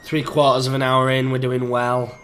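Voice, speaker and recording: A young man, croaky and under the weather, chatting in a rambling, easygoing way while playing a game. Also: mid-range voice, completely flat delivery, normal speed, fairly bright tone, a little hiss or hum. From England. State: croaky, sick voice. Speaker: gaming YouTuber. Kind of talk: rambling let's-play commentary.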